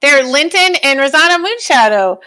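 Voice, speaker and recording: A woman's voice: high-pitched, lively intonation, moderate pace, sharp tone. Woman playing a stammering young adventurer girl. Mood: flustered. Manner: stammering, breathless rambling. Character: young female adventurer, curious and flustered.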